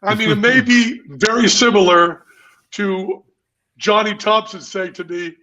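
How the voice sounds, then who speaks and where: High-voiced man telling emphatic stories. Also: steady tone, unhurried, pushed and bright, highs cut off. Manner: emphatic, profane, theatrical storytelling. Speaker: guest. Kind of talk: casual storytelling chat.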